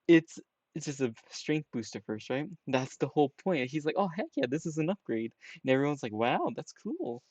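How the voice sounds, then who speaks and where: A man's voice: mid-range voice, dry recording, dull audio. A man giving casual, rambling reaction commentary on a game trailer, peppering his talk with "you know" and "right?". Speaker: trailer reviewer.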